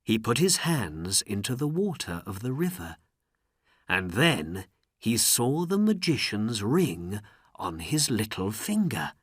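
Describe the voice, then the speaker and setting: A woman reads a storybook aloud in a very low voice, slow and carefully enunciated. Her pitch still moves lively through each sentence, and the recording is dry and close. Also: slightly rough, dry recording. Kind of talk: graded reader narration.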